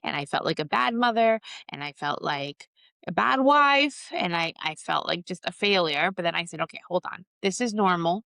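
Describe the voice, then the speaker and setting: Candid woman host, low dry voice. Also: lively intonation, normal speed, gravelly, pushed and bright, no echo. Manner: candid, emotional, reenacts her own outbursts. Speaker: podcast host. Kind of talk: personal storytelling monologue.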